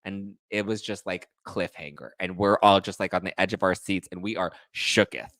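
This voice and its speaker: A sassy, animated man hosts a podcast live stream and recaps reality TV in a casual, gossipy way. His voice sits fairly low, and the sound is dry and close, with no room echo. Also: normal speed. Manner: sassy, animated, keeps asking "okay?" and "right?". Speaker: podcast host.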